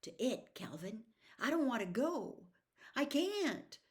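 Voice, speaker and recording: A woman reading aloud, voicing a frantic, desperate young girl with high, anguished cries. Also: big pitch swings, takes it slowly. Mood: despairing.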